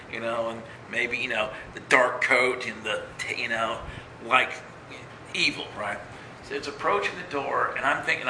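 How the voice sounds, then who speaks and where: A man telling a story in a casual, rambling way, often asking "right?" and jumping high when quoting himself. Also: background noise. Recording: roomy echo.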